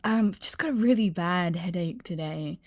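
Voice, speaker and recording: A woman's voice: on the low side, moderate pace, a little mellow. A woman playing in a tabletop game, giggly and chatty with many fillers. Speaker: player. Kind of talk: casual tabletop game play.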